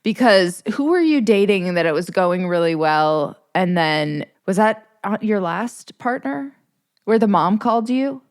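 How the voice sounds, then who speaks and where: A woman's voice: medium pitch, animated, measured pace. Giggly woman podcast co-host. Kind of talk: casual chat.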